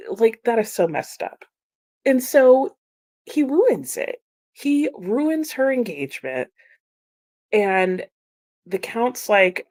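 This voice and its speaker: Animated, chatty woman book host. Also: medium pitch, measured pace. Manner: animated and emphatic, with repeated exclamations; chatty, with frequent "like" and laughs. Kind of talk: casual book chat.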